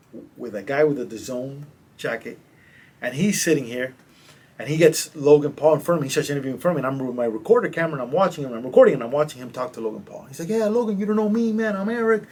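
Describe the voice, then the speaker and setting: A man, a coach, casually telling stories as a podcast guest, animated and slangy. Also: mid-range voice, fast, husky. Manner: animated, slangy, acts out quotes. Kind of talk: casual storytelling in a podcast interview.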